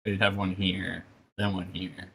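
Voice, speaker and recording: A man's voice: low voice, little pitch movement, measured pace, gravelly, fairly bright tone, slightly rough. A man chatting casually on a live stream while he draws, rambling with lots of filler and laughter.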